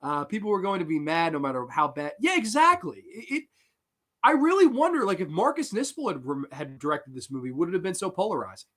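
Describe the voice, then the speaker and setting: Man, horror livestream host, high lively voice, bright tone, profane ranting. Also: a little fast. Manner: loud, animated, profane ranting. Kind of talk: casual profane livestream chat.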